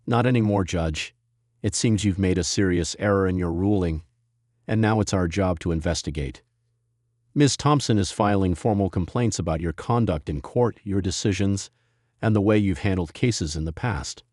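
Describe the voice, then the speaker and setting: A man voicing an emotionless federal agent who speaks flatly and matter-of-factly. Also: deep voice, moderate pace, dry recording, studio quality. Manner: flat, emotionless, matter-of-fact.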